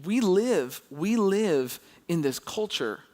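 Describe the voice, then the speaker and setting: A man preaching a casual sermon, telling a story with animated emphasis and plenty of restarts. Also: sits high, slow pace.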